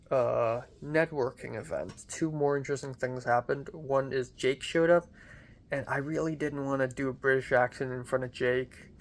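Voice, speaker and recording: A young man talking casually in a diary-style vlog, rambling with lots of fillers and the odd swear word. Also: mid-range voice. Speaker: vlogger.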